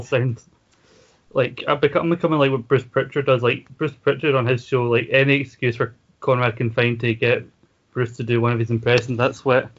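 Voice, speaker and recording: A man chats on a casual podcast, his delivery steady and full of "like". His pitch barely moves, and the recording sounds dull and lo-fi. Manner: steady, leans heavily on "like". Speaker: podcast guest and fellow host. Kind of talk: casual podcast review chat.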